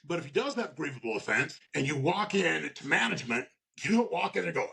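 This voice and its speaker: A man's voice: on the high side, very animated, brisk, creaky, pushed and bright. A man talking as a union shop steward guest in a casual podcast conversation, blunt and profane, often tagging his points with "okay?". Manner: acts out workplace scenarios in quoted voices.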